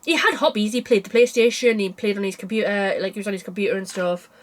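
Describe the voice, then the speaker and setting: A young woman chats casually about cross stitch designs, talking fast in a medium-pitched voice. She sounds tired and yawns, rambling along with small laughs.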